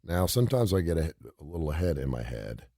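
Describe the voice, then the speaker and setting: A man's voice: a bass voice, big pitch swings, fast talker, mellow, no echo, studio quality. A middle-aged man hosting a radio talk show, telling a story in an emphatic, rambling, repetitive way.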